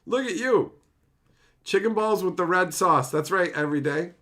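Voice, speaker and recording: A man talks casually on a live stream, reading his chat aloud and firing back profane, exasperated rants. His voice sits a little high and leaps all over the place as he gets worked up. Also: expressive, normal speed, fairly bright tone.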